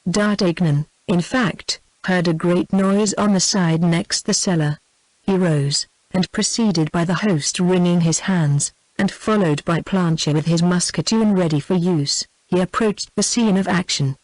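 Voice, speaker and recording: A woman's voice: fairly low pitch, unhurried, no echo, poor audio. Synthetic British woman narrating a novel. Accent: British English. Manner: even, unvaried pacing.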